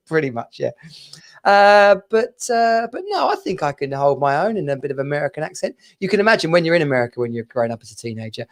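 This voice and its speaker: English guy hosting a podcast, gravelly voice, bit high, loose and jokey. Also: sing-song, quick pace. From England. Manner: chatty, laughing, bouncy banter. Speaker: podcast host. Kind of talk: casual chat.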